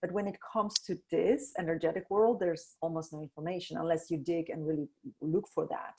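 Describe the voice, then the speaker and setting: A middle-aged woman talking as a podcast guest about energy and intuition, animated, laughing often and acting out the voices she quotes. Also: deep voice. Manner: slows to a soft guiding tone in exercises. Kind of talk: conversational interview.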